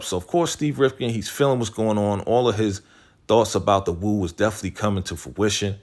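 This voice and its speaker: A man casually recapping a TV episode, using slang, saying "right?" a lot and acting out the characters' lines. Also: fairly quick. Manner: retells scenes, quoting characters in a lowered voice; slangy, repeats "right?" and "you know". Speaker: TV recap host.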